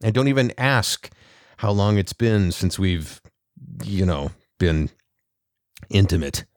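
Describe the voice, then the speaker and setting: A man's voice: fairly low pitch, expressive, slow pace, dry recording, studio quality. A man voicing an anxious, insecure husband who speaks uncertainly and apologetically. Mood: distressed. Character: anxious insecure young husband, eager to please.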